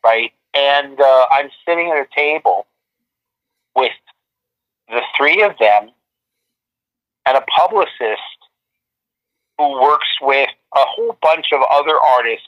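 A man's voice: medium pitch, expressive, a little slow, long pauses. A man, a photographer guest, telling long stories in a casual interview, rambling with many restarts and fillers, heard over a remote call. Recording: muffled lo-fi line.

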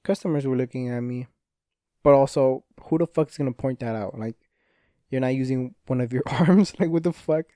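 A man's voice: medium pitch, normal speed, dark tone, dry recording, clean studio sound. A young man hosting a solo podcast, rambling and swearing freely, often cutting himself off mid-thought. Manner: rambling, frequent swearing, self-interrupting. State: injured hand, restless. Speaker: podcast host. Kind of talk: casual solo podcast monologue.

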